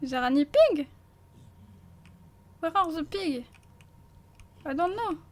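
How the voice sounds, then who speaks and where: A woman's voice: extremely high pitch, expressive, takes it slowly, a little mellow. A woman with a French accent giving live gameplay commentary as a streamer, jumpy and stammering, swearing and laughing often.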